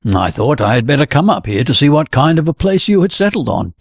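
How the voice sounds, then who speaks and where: A hearty, talkative young man chats breezily and bluntly, as a male reader plays him, his voice gravelly and husky. It sounds close and dry, with no room around it. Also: on the high side, big pitch swings, fairly quick, dry recording, full character voice. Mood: breezy.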